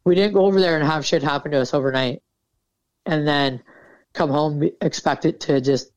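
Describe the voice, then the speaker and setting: A woman's voice: low voice, moderate pace, no echo. A woman military veteran talking candidly in an interview, casual and frank, swearing freely. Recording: dull, dry sound.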